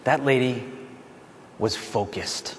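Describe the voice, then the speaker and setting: A man's voice: mid-range voice, slow, long reverb tail, slight background noise. A man giving a motivational speech to an audience, telling a story and acting out the voices of the people in it. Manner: animated, acts out voices and builds to shouting. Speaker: motivational speaker.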